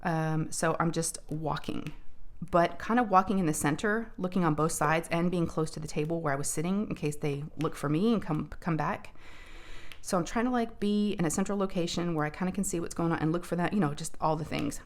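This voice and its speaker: A woman's voice: on the low side, fairly quick. A woman, telling a casual story to viewers while she works on a craft, full of fillers and asides. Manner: chatty, addresses viewers as y'all, many fillers. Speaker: crafting vlogger.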